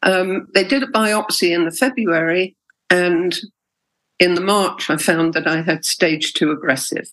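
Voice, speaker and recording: A woman's voice: fairly low pitch, a little slow, a bit bright, low-quality recording. Middle-aged lady, honest and emotional, talking through her story in an interview. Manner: candid, emotional storytelling with hesitations. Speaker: interviewee, patient. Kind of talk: personal interview.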